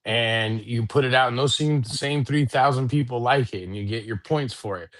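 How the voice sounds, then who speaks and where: A middle-aged man rambles through a casual podcast chat, peppering his talk with swearing and "you know what I mean." His voice sits at an ordinary pitch, and the sound is dry and close, with no room around it. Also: moderate pace, dry recording. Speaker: podcast co-host.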